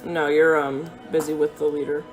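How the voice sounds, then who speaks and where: Low-voiced woman running the game. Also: little pitch movement, poor audio. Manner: halting, filler-heavy, laughing often. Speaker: game master. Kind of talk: casual tabletop game narration. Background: background music.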